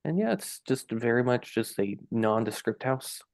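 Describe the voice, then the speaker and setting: Brief: low, gravelly male player, slow and soft-spoken, dry close sound. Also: expressive, no room sound. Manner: soft-spoken, describing his character's actions. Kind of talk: playing a tabletop game.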